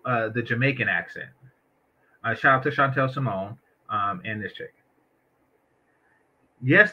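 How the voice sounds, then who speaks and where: A man's voice: mid-range voice, highs cut off. A man giving blunt, crude, joking commentary on a clip in casual talk. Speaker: reaction video commentator.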